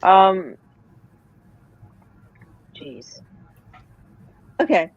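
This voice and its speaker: A woman's voice: medium pitch, sing-song, very slow, phone-quality sound. A woman running a tabletop game as game master, narrating hesitantly and thinking aloud.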